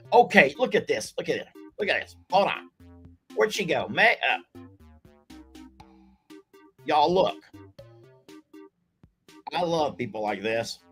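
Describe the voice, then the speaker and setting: A man hosting a live game night stream, chatting in a folksy way and reading viewer comments aloud. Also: high voice. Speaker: livestream game host.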